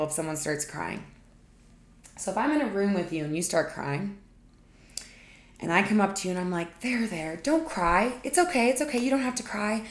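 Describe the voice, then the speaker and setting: A woman relationship coach hosting her own podcast, speaking in a chatty, informal way straight to her listeners. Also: lowish voice. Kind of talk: solo podcast monologue. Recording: echoey room.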